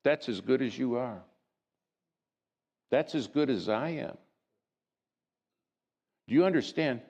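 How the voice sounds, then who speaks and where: A man preaching a sermon, telling a personal story in a folksy, dramatic way that swings from soft hushes to lively rises. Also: medium pitch, takes it slowly, muffled recording. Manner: folksy and conversational.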